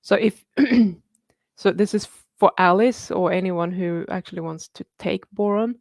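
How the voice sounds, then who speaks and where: A woman's voice: mid-range voice, measured pace, a little mellow, no echo, studio quality. A woman in her thirties hosting a casual live Q&A, chatty and upbeat, laughing often and swearing casually. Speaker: livestream host answering viewer questions.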